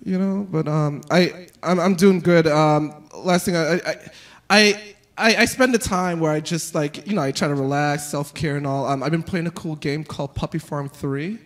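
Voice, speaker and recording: A male stand-up comedian performing live, with a rambling, animated delivery full of fillers and sudden jumps into exaggerated voices. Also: on the high side, moderate pace.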